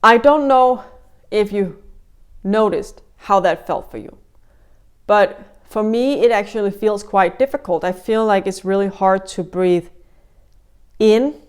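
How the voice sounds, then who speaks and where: A woman leading a guided breathing lesson in a gentle, conversational way, a little out of breath, with frequent fillers and restarts. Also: mid-range voice, a little slow, long pauses, clean tone. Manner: gentle, talks through steps with many restarts and fillers.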